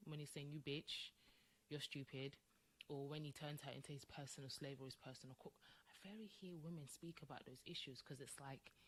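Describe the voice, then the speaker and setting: A woman's voice: sits low, husky. A woman co-hosting a podcast in casual chat, talking emphatically and acting out quoted voices. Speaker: podcast co-host.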